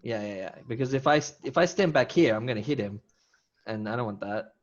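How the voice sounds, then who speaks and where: A man's voice: medium pitch, expressive, fairly quick, highs cut off. A man playing in a tabletop game, rambling through his turn and laughing between lines. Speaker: player. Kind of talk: casual tabletop game play.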